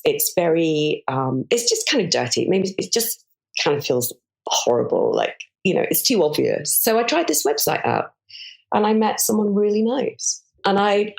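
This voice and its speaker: A woman's voice: fairly low pitch, creaky. A woman in her forties, a podcast guest telling frank, self-mocking stories in a candid interview. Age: 40s.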